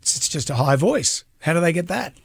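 A man's voice: fairly high pitch, sing-song, brisk, gravelly, breathy edge, no room sound, studio quality. A man co-hosting a radio chat show, jokey and laughing easily. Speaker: radio co-host. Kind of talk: casual chat.

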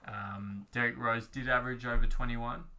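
Male co-host, mid pitch, bright tone, dry wit. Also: steady tone. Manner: wry, quick quips. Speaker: podcast co-host. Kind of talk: casual sports podcast chat.

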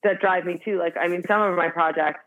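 A woman's voice: fairly low pitch, steady tone, a little fast, a bit bright. Chatty woman on a tinny call line. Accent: Boston. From Boston. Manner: chatty, with many restarts and "like" fillers. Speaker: guest, actor and writer. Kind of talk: casual interview talk.

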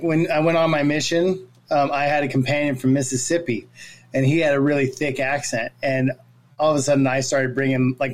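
A man who grew up in North Florida, chatting easily as a guest on a podcast. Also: medium pitch. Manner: easygoing, chatty, laughs often. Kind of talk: casual chat.

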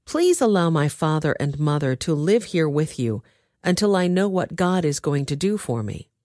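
A woman's voice: low-pitched, sing-song, normal speed, mellow, dry recording, studio quality. A woman reading the lines of a young warrior leader, earnest and resolute, in a dramatized story. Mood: pleading.

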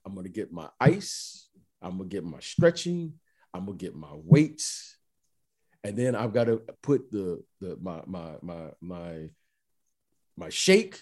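A middle-aged man telling stories in a casual chat, emphatic and animated, often repeating the listener's name. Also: medium pitch. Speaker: former basketball player, guest.

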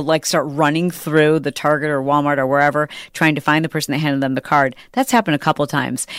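A middle-aged woman hosting a podcast, telling a story in an animated, chatty way and acting out the people she quotes. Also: low-pitched, no echo, studio quality. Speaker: podcast host. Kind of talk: casual chat.

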